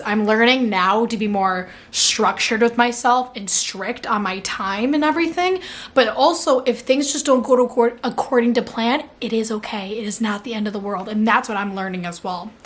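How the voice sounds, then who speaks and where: A young adult woman vlogs casually, answering viewer questions in a medium-pitched, slightly bright voice. She's chatty, leans heavily on the filler "like," and laughs at herself mid-sentence.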